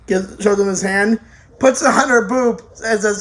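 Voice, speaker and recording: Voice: mid-range voice, fairly even intonation, normal speed, a bit bright. An anime reviewer giving a casual, rambling spoken review, full of restarts and offhand swearing.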